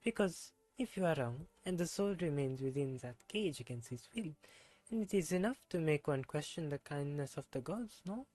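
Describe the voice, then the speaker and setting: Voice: mid-range voice, expressive, moderate pace, a little mellow, lightly acted, poor audio. A streamer reading game dialogue in a put-on French accent as a melancholy, pious scholar, formal and mournful.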